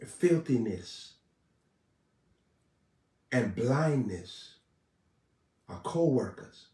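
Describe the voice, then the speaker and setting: Man preaching live, fiery and repetitive, rising to shouts; echoey room, off-mic. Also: medium pitch, lively intonation, a little slow, recorded from a distance. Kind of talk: live-streamed sermon.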